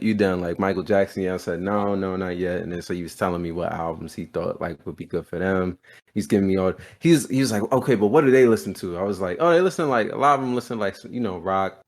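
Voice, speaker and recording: Laid-back young man telling a story. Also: sits low. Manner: animated storyteller, quotes his dad, laughs often. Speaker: podcast host. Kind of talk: casual chat.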